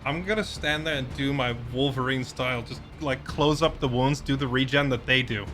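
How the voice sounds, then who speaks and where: A man's voice: mid-range voice, fairly quick, faint music behind. A man playing in a tabletop game, joking and bantering with the game master. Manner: lively, laughing banter. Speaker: player. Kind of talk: casual tabletop play.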